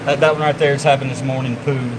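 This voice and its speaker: A man with a drawl talks in a loose, chatty way, addressing his viewers and the animals as he goes. He records on a handheld phone outdoors, and his voice sits at an ordinary middle pitch. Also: fairly even intonation, quick pace, noisy background. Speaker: vlogger. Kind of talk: casual walking vlog. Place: outdoors at a zoo.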